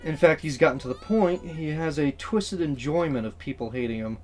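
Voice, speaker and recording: A man's voice: a little high, a little fast, darkish tone. A man hosting a video essay, talking about a game in an earnest, conversational and blunt way.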